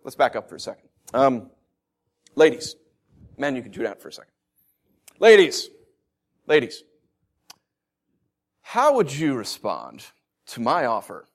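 A man in his thirties preaching a sermon in a conversational way, with self-mocking asides and emphatic rises. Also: mid-range voice. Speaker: pastor.

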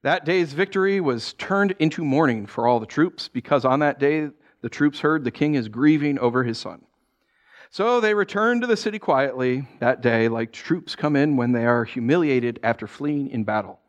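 A male pastor preaching a sermon in an animated, jokey way, acting out the people in his stories. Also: on the high side, normal speed, hardly any pauses, dull audio.

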